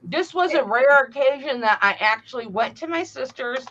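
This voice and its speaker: High-voiced woman telling a rowdy story. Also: moderate pace. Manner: animated storyteller, swears freely, acts out quotes. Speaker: host. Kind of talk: casual chat. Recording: dull lo-fi sound.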